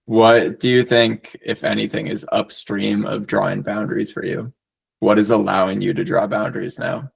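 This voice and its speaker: A man's voice: fairly low pitch, flat delivery, moderate pace, creaky, husky. A man hosting a podcast, asking short, probing questions. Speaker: podcast host. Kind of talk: casual chat.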